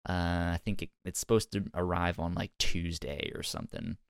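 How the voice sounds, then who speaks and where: Halting man with a low, smooth voice. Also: huge pitch swings, no room sound, clean studio sound. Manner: hesitant, halting, many restarts. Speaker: podcast host. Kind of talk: casual chat.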